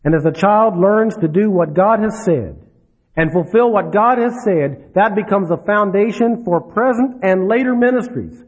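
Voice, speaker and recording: A man preaching a sermon, dropping low and soft then rising for emphasis. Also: moderate pace, husky. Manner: dramatic, swings between soft drops and rising emphasis. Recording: dull lo-fi recording.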